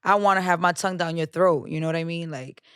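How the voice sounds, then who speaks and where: A woman's voice: fairly low pitch, quick pace, clean tone, no echo, clean studio sound. A young woman with a New York accent, a podcast guest talking bluntly and profanely in casual chat. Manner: blunt, profane, animated storytelling.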